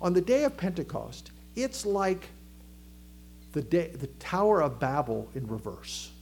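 A man preaching a sermon with a Southern American accent, animated, acting out crowd voices and dropping to a hush for emphasis. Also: a little high, measured pace, vocal fry, a little hiss or hum. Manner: animated, acts out crowd voices, swings from loud to hushed. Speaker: pastor.

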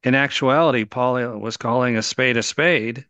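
A man's voice: medium pitch, moderate pace, sharp tone, smooth, no echo. A man co-hosting an online Bible study, talking casually as he invites questions. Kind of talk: casual conversational moderating. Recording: dry, dull lo-fi audio.

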